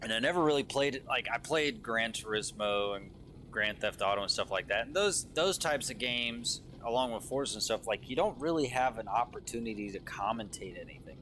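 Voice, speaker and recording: Male drift commentator in a booth, mid-range voice, excitable play-by-play, casual and a bit profane. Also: mid-range voice, fairly quick, a little hiss or hum. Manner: excitable, rising on big moments, casual swearing.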